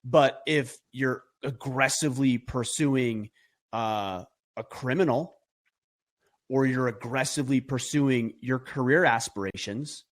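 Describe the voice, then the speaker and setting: Emphatic middle-aged man making his case. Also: medium pitch. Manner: earnest, emphatic, builds arguments with rhetorical questions. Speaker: podcast guest. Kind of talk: conversational podcast talk.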